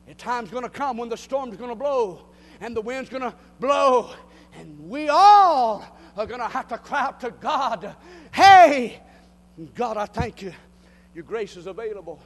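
Preacher guy with a really high voice hollering a sermon, long church reverb. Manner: shouting, call-and-response, rising to cries; folksy joke-telling. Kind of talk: Pentecostal-style sermon.

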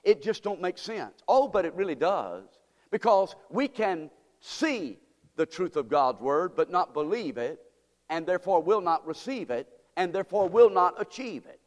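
A man's voice: high voice, very animated, normal speed. A man preaching a sermon from the pulpit, firing rhetorical questions at the congregation. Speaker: pastor. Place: church sanctuary. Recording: long hall reverb in church.

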